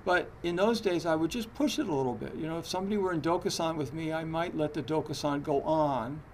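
A Zen teacher, male, delivers a dharma talk in a chatty, hesitant manner, often using fillers and starting over. His voice is slightly high and quick, with a faint hiss or hum.

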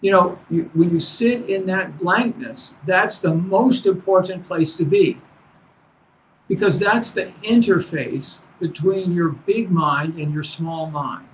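A man teaching as a Zen teacher, giving a dharma talk to students in a halting, conversational way full of restarts. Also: sits high, slight background noise, poor audio.

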